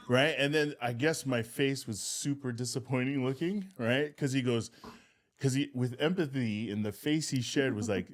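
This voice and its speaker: A man's voice: mid-range voice, a little slow. A middle-aged man co-hosting a podcast, telling a story in casual chat and often laughing as he talks. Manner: animated, laughs through his stories. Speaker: podcast co-host.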